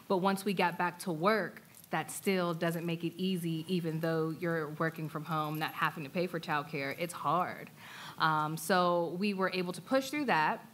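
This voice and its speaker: A young woman on a panel sharing her story in an earnest, plain-spoken way, pausing with fillers. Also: lowish voice, fairly bright tone. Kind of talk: personal testimony on a panel.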